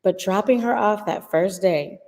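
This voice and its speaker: A woman's voice: medium pitch, a little slow, darkish tone, big-room sound. A woman in her thirties, a guest in a casual interview, chatty with frequent laughs and fillers.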